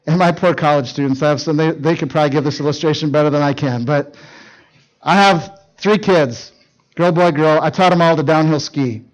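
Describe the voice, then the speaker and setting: A middle-aged man preaching to teens with a high, light voice. He tells personal stories with lots of energy, dropping to a near hush for serious points and then climbing into loud, excited bursts. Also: brisk, poor audio. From northern Minnesota. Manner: animated, shifts from hushed to loud shouting in stories. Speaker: youth speaker. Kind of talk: storytelling sermon.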